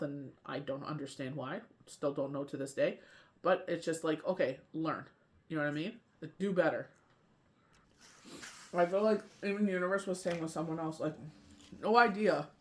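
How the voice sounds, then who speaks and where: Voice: mid-range voice, fairly bright tone. A tarot reader and medium in a casual spiritual talk, rambling and often asking "you know what I mean".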